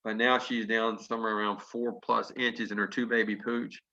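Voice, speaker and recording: A man speaks in a gravelly voice that sits low but carries a bright, forceful edge. He tells his story in a folksy way to an audience and acts out each exchange. The sound is dull and lo-fi, like an old conference call. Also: normal speed. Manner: lively, acts out quotes, chuckles. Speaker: business testimonial speaker.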